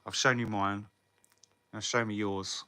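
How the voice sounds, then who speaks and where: A man talks loosely to his viewers, answering their comments and swearing freely. His voice sits a little low but comes across bright and forceful. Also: level tone, unhurried. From England. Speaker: livestreamer. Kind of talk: casual live chat with viewers.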